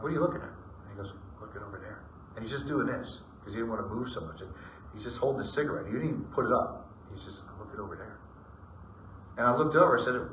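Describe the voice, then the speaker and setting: A man's voice: medium pitch, distant mic, slight background noise. A middle-aged man telling personal ghost stories to a group in a casual, rambling way, acting out what people said. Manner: rambling, animated retelling with acted-out dialogue. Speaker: storyteller. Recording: echoey room, voice from off-mic.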